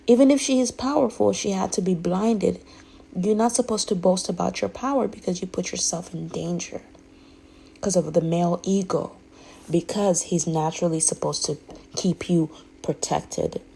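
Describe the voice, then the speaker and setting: A woman's voice: on the low side, normal speed, gravelly, mellow, slight background noise, low-quality recording. A woman speaking candidly in a rambling, emphatic way, often restarting her sentences. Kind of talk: candid personal monologue.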